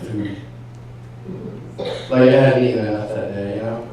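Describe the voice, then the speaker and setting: A man preaching a personal testimony, playing out both sides of an inner argument. His voice drops to a murmur and then climbs to a shout. It is heard from far off in a very echoey church hall, with a faint hum underneath. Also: on the low side, steady tone, unhurried. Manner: storytelling, acts out inner dialogue, swings from hushed to shouting. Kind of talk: sermon testimony.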